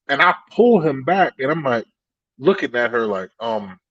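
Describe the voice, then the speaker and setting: A man's voice: a little high, normal speed, dry recording. A man chats on a podcast, his voice swinging widely as he tells stories and jokes about himself. The sound is dry and close, with a slightly dull, lo-fi tone. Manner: animated storytelling, swearing, laughing at himself. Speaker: podcast co-host. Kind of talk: casual podcast chat.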